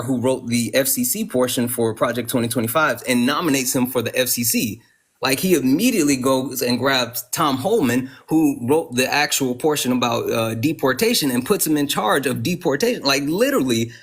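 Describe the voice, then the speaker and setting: A man's voice: mid-range voice, slightly rough. A man hosting a live stream who talks in an earnest, urgent way and often restarts his sentences. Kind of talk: casual live stream chat.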